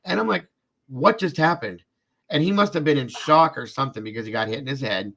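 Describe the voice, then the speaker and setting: A man's voice: mid-range voice, sing-song, quick pace, gravelly, bright, forceful tone. A man hosting a live true-crime show, telling a long personal story in a casual, rambling way, repeating himself and speaking to his viewers. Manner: speaks directly to viewers in chat.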